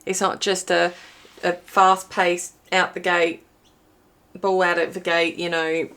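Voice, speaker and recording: A woman with a lowish, fairly bright, clean voice speaks slowly and flatly. She's an intuitive card reader doing a pick-a-card reading for viewers, chatting and thinking aloud as she pulls cards. She films herself while watching a small screen.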